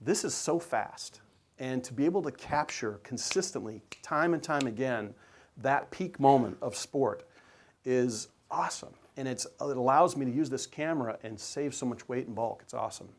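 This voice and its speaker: A man's voice: medium pitch, normal speed. A man, a sports and wedding photographer, giving an enthusiastic, conversational presentation to an audience, with frequent fillers.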